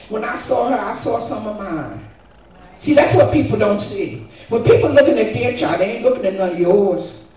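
A high-voiced older woman gives a fervent church testimony, pressing her point and asking her listeners "guess what" again and again. She is picked up from far off in a very echoey church, with faint music underneath. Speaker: congregant giving testimony. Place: church sanctuary. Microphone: distant room mic.

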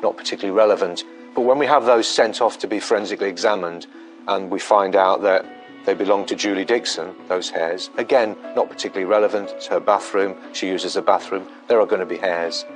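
A man, a police detective, recounting a murder investigation in a documentary interview, measured and pausing often with fillers. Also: deep voice, faint music behind. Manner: measured, hesitant with many fillers.

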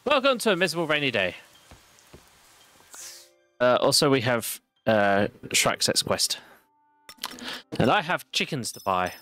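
A man's voice: mid-range voice, sing-song, unhurried, pauses often, bright, forceful tone, soft background music. A man streaming a game from home, rambling casually and poking fun at himself as he plays. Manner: rambling and self-deprecating. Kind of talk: casual live-stream commentary while gaming.

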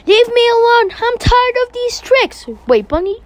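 A woman's voice: sits high, expressive, normal speed, no echo. A woman playing a stubborn young hero who sounds defiant and exasperated.

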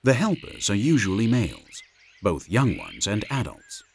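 A man narrating a wildlife documentary in a measured, informative scripted delivery. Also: fairly low pitch, huge pitch swings, vocal fry, a little hiss or hum.

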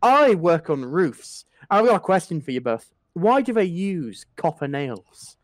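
A man putting on the voice of an odd, earnest roofer who speaks slowly and deliberately. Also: a little high, very animated, dry recording, clean studio sound. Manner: slow, deliberate, oddly earnest.

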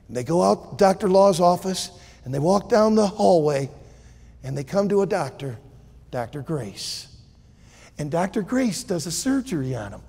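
A male pastor preaching a sermon, telling a story and swinging between hushed and loud delivery. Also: high voice, sing-song, moderate pace, vocal fry, husky, big-room sound.

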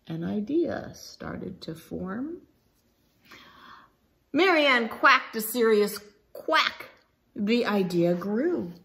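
A woman reading a picture book aloud for young children. She takes her time, and her voice swoops up and down with a lot of expression. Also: medium pitch. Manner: slow, expressive, melodic. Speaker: storybook reader.

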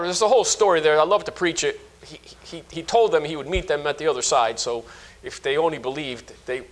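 High-voiced preacher in his fifties. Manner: animated storytelling with frequent restarts. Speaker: pastor. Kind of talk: sermon.

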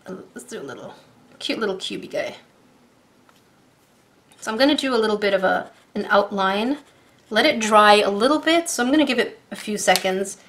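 A woman reviewing art supplies in a casual unboxing vlog, gushing and excitable as she talks to her viewers. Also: medium pitch, slight background noise.

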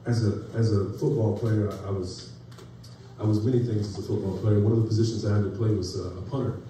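In a church sanctuary, a pastor delivers a folksy sermon, telling stories and building to rising emphasis. He's a fast talker with a lowish, steady, warm voice, recorded from far off in an echoey room with faint noise.

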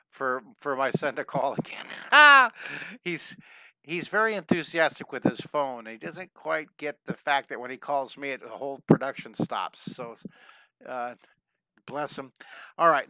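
Bright, upbeat man teaching drawing. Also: fairly high pitch, no room sound. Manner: enthusiastic and encouraging, chatty asides. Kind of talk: live drawing lesson with storytelling.

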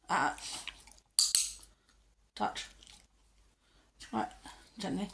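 A woman's voice: mid-range voice, a little slow, pauses often, noisy background. A woman vlogger chatting casually at home, reading out ingredient lists and giving her dog short commands, recorded on a phone. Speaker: pet vlogger unboxing dog treats. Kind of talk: casual chat while training her dog.

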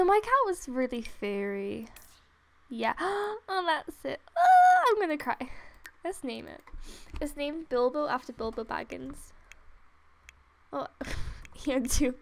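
Young woman gamer, high gravelly voice, unhurried, gushing and gasping over a game. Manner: gushing, gasping and laughing, near tears with excitement. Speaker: gaming vlogger. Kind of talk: excited gameplay commentary. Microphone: desktop USB microphone.

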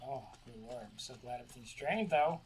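A woman's voice: very deep voice, brisk, a little hiss or hum. A woman playing a video game and chatting casually, joking and grumbling at the game. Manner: jokey, laughs a lot, grumbles at the game. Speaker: game player. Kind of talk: let's play casual chat.

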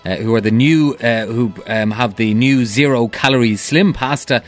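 Man, radio co-host, from Ireland, casual chatty delivery, average pitch. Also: normal speed, soft background music. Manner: chatty, laughing.

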